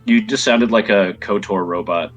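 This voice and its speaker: A man's voice: on the low side, normal speed, highs cut off, soft background music. A man playing in a tabletop game, joking and swearing offhandedly. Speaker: player. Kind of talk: casual tabletop play.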